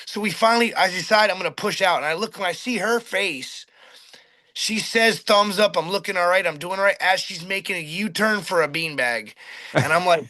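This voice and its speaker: A middle-aged man excitedly telling a fishing story in casual chat, acting out his own quotes and restarting his sentences often. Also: high voice, brisk. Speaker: charter boat captain telling a fishing story.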